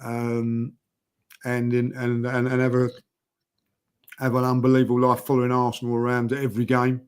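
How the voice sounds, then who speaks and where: A man's voice: medium pitch, monotone, moderate pace, clean tone. An older man telling stories in a rambling, casual way, full of fillers and restarts. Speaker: podcast guest. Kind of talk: casual storytelling chat.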